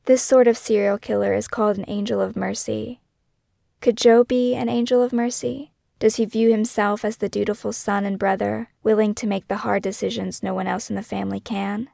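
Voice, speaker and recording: A woman narrating her own scripted true-crime podcast in a measured, questioning, somber way. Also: medium pitch, creaky, a little mellow, no echo, studio quality.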